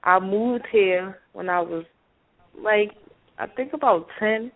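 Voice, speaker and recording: A woman's voice: medium pitch, slow. A woman with a mixed Baltimore and New York accent, calling in as a battle rapper guest, talking in loose, laid-back street slang. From Brooklyn, New York. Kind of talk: casual phone interview. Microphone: phone call. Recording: tinny dry phone line.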